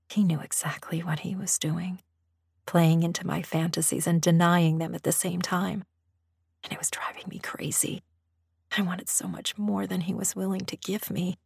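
A woman narrating a first-person story in a soft, intimate whisper, as whispered role-play. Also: lowish voice, gravelly, breathy edge, no echo, clean studio sound.

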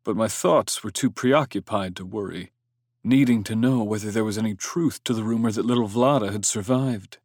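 A man's voice: fairly low pitch, normal speed, darkish tone, no echo, clean studio sound. A man reading a first-person story aloud in a brooding, intense manner, with coarse swearing. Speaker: audiobook narrator. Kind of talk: scripted first-person narration.

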